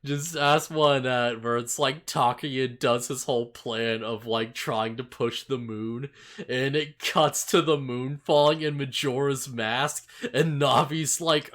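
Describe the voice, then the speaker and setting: A man co-hosting a casual anime recap podcast, chatty, full of "like" and quick laughs. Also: medium pitch. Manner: laughs often, filler-heavy, animated retelling. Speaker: podcast co-host.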